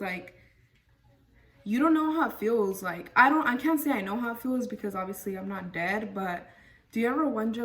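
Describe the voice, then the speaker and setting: A young woman vlogger telling a casual storytime, chatty and full of fillers. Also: mid-range voice. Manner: chatty, lots of fillers and "freaking". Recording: voice a bit far from mic.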